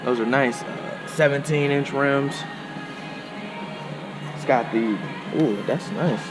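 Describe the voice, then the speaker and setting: A man doing a casual car walkaround for his vlog, excitable and slangy, talking straight to viewers. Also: medium pitch, takes it slowly, music in the background. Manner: loose, slangy, excitable, talks to viewers as y'all. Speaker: car vlogger. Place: indoor car dealership showroom. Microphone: handheld camera with small on-camera mic.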